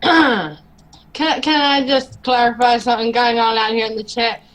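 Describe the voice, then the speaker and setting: A woman's voice: a little high, measured pace, fairly bright tone, rough recording. Laughing woman hosting a live chat. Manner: laughing, bantering. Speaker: show host. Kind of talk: casual livestream chat.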